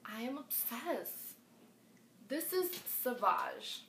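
A woman vlogging a casual makeup review, gushing and excitable, often repeating herself. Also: fairly high pitch, very slow, vocal fry. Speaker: beauty vlogger. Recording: echoey room with faint background noise.

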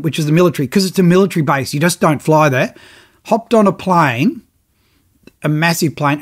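A middle-aged man tells a story on his podcast in a loose, chatty way. His voice sits a touch high for a man, and he brings the other people in his tale to life with quick bits of dialogue. It all feels easy and conversational. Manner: animated, acts out others' lines in his own voice. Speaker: podcast host telling a travel story. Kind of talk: casual storytelling.

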